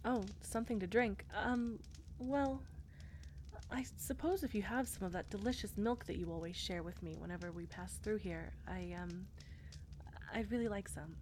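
A woman's voice: medium pitch, normal speed, a little hiss or hum, natural voice. A woman playing a bashful war-weary knight. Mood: shy, tender. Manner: hesitant and bashful, many soft fillers. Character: shy, war-weary female knight commander. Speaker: audio role-play performer. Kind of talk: audio role-play.

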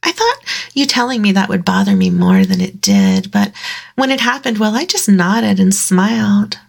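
A woman in an intimate audio role-play, speaking in a teasing, dominant way, dropping into whispers and giggling softly between phrases. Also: medium pitch, animated, normal speed, vocal fry.

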